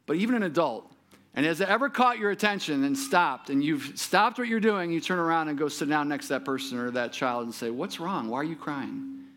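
A man's voice: a little high, animated, brisk, a bit bright. A man preaching a sermon as pastor, talking conversationally and asking the congregation many rhetorical questions.

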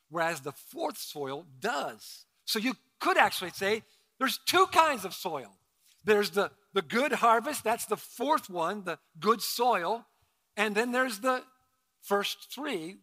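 Pastor, male, conversational sermon delivery with loud emphatic peaks; sharp, forceful tone, long hall reverb. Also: high voice. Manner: conversational preaching, rising to loud emphatic bursts.

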